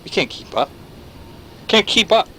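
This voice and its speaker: Paranoid game activist. Sweeping, lively delivery, bright edge. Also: male voice, on the high side, normal speed, a little hiss or hum, full character voice. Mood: impassioned rant. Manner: impassioned, rhetorical questions to the listener. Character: paranoid male anti-surveillance activist, intense and conspiratorial. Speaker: game character. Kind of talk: video game voice acting.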